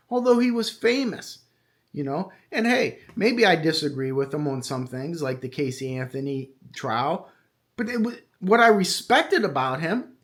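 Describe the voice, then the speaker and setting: A middle-aged man, a retired detective now hosting a true crime podcast, delivers a casual monologue. His voice is slightly high and a bit bright, and he sounds conversational and opinionated, using lots of fillers.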